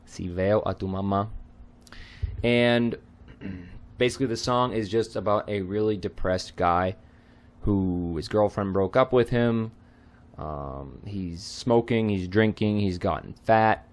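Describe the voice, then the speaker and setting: A man explaining song lyrics line by line as a tutor. He is hesitant, often pausing on ums and clearing his throat. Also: fairly low pitch.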